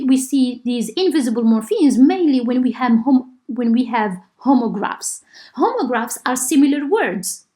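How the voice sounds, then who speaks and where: A woman from Morocco, a native Arabic speaker, giving a university linguistics lecture in a patient, explanatory way, often pausing on "uh" and checking in with "okay?". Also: high voice, darkish tone.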